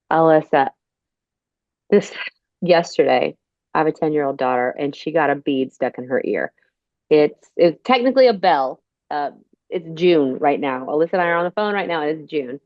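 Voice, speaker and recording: Low-voiced chatty woman podcast host. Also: normal speed, pauses often, no echo. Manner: chatty, tells long personal stories. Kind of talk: casual storytelling interview. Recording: dull, dry phone-call sound.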